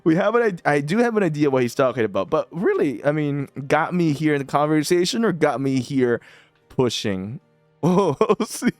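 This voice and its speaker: A man's voice: a little high, very animated, moderate pace, no echo, soft background music. A man giving casual commentary while playing a mobile strategy game, chatty and teasing, often breaking into laughter.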